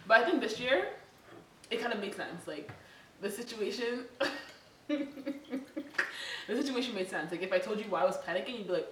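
A woman co-hosting a podcast, chatting casually and quickly, laughing often. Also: mid-range voice, expressive, fairly bright tone. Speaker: podcast co-host. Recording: roomy, distant, faint hiss.

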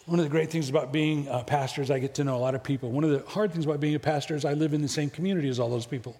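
A middle-aged pastor preaches in a church sanctuary, his fairly high voice trailing off into long hall reverb. He talks to the congregation in a storytelling way, with jokes along the way. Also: rapid-fire, mellow. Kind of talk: sermon.

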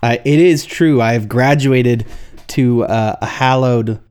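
A man's voice: medium pitch, measured pace, a little mellow, clean tone. A man co-hosting a casual podcast, cracking playful jokes and riffing on his partner. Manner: wisecracking, playful. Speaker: podcast co-host.

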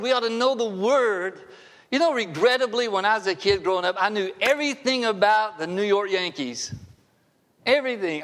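A man's voice: sits high, fairly bright tone. A man in his sixties preaching a sermon in a church sanctuary, conversational with wry asides. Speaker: pastor. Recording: long hall reverb.

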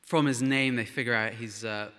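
A man's voice: medium pitch, fairly even intonation, normal speed, a bit bright, big-room sound. A man telling missionary stories to a church gathering, earnest and chatty, with frequent fillers. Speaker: missionary speaker. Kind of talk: church testimony talk.

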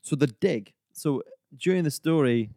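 In a casual podcast, a host eagerly leads his co-hosts through film trivia, shaping the talk around fun facts. His voice sits on the high side, expressive and warm, at a measured pace. It's studio quality, with no room sound.

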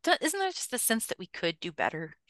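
A woman's voice: a little high, big pitch swings, brisk, a bit bright, no room sound, studio quality. A woman co-hosting a podcast, musing in a casual, wry and rambling way. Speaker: podcast co-host. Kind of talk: casual chat.

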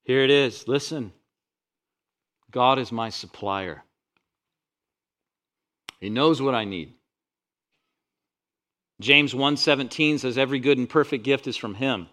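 A man pastor preaching a sermon, rising loud on scripture and dropping quiet for asides. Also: medium pitch, slow pace, pauses often.

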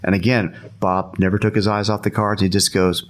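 A man's voice: lowish voice, flat delivery, fairly quick. A man casually telling a long anecdote, laughing often, repeating himself, and acting out what people said.

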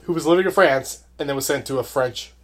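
A man co-hosting a podcast, reviewing a movie in measured casual chat and agreeing often. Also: medium pitch. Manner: measured, agreeable, frequent short assents. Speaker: podcast co-host.

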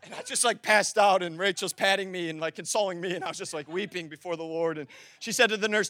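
Young male pastor, very high, bright voice, chatty sermon that builds to fervent exhortation, dry close sound. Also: fast talker, few pauses, dry recording. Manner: conversational preaching with acted-out dialogue, building to fervent exhortation.

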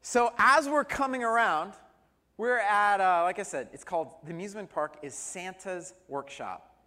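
A man's voice: sits high, normal speed, sharp tone, big-room sound. A man preaching a sermon as pastor, telling a humorous personal story. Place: church sanctuary.

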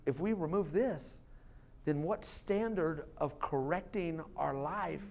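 A man's voice: on the high side, takes it slowly, vocal fry. A pastor in his thirties preaches to his church. His delivery is chatty and informal, as if talking across a table. He drops into short quoted voices to make his points. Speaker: lead pastor. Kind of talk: sermon. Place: church sanctuary.

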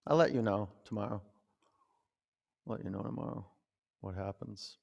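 There's a big-room sound as a young yoga instructor rambles through his class, peppering his talk with "you know." His voice is lowish, creaky, and a little mellow, with fairly even intonation at a moderate pace.

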